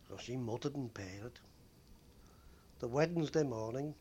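Older Englishman reminiscing, unhurried. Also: medium pitch, lively intonation, creaky, dark tone, breathy edge. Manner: rambling, with frequent pauses and fillers. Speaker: former bus conductor. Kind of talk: oral history reminiscence.

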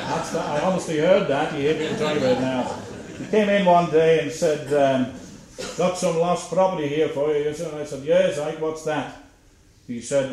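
Older man, oral-history teller, halting and chuckly, mid-pitched, big echoey room with faint hiss. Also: a little mellow. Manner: anecdotal, chuckling, halting with fillers. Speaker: interviewee.

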